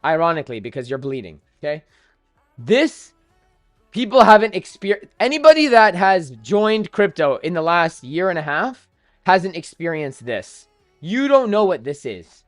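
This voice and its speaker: A man's voice: high voice, sing-song, normal speed, dry recording, soft background music. A man hosting a trading livestream, talking casually, bluntly and with plenty of profanity straight to his viewers. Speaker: crypto trading livestream host.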